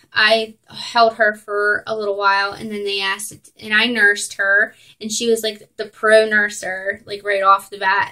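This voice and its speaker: A young woman vlogging at home, telling a personal story in a chatty way, full of "like" and "um" and quick laughs. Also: on the high side, pushed and bright, low-quality recording. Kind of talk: casual storytelling to camera.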